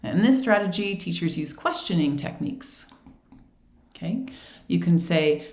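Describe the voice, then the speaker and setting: A woman giving an instructional presentation on feedback for language teaching, speaking clearly and patiently, acting out short teacher and student exchanges. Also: fairly low pitch, animated, a little slow, a little mellow, roomy sound. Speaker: ESL teacher trainer.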